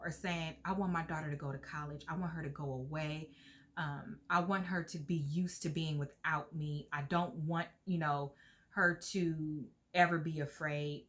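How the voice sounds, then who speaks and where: A middle-aged woman vlogging to camera in a heartfelt, earnest way, at times close to tears. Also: a little hiss or hum. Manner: heartfelt, earnest, lively pitch swings. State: emotional, near tears at times. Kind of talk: casual talk to camera.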